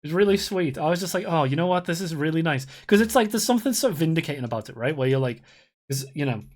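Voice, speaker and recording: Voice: mid-range voice, animated, fast talker, a little mellow. A streamer in their thirties, chatting casually and rambling while playing a game, swearing freely and laughing often. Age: 30s. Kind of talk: casual live-stream chat while gaming.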